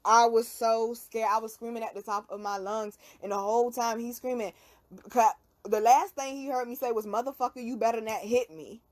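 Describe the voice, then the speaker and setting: A young woman hosting a casual talk show, telling a story in an animated, slangy, profane way. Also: fairly high pitch, moderate pace. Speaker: podcast host.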